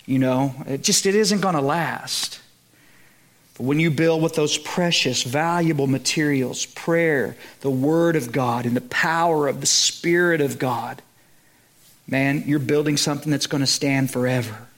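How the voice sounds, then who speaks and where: A man with a high, lifted voice and a Southern US accent preaches a sermon. He talks to the congregation conversationally, checking that they follow along. He builds to emphatic high points. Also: measured pace, fairly bright tone. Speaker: pastor.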